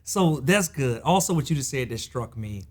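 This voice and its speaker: A man's voice: mid-range voice, lively intonation, moderate pace. A middle-aged man hosting a podcast, chatting playfully and joking with his guest in a casual, slangy way. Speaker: podcast host. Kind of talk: casual interview conversation.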